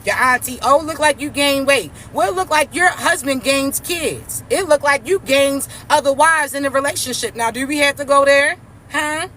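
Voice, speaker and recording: A woman's voice: high voice, normal speed, fairly bright tone, slight background noise. A young woman ranting casually to her viewers, brash, profane and mocking as she talks. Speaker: spiritual vlogger. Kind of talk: casual rant to camera.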